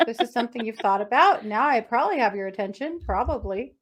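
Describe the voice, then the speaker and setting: A woman's voice: fairly high pitch, expressive, quick pace. A woman co-hosting a casual true crime podcast, telling odd news in a playful way with many small fillers and giggles. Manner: playful storyteller, lots of uh and mm-hmm, giggles through odd news. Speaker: podcast co-host.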